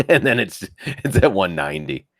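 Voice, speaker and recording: A man's voice: low voice, sing-song, moderate pace, a bit bright. A man hosting a live trading stream, chatting casually about charts, laughing often and mimicking panicked traders. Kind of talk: casual live market commentary.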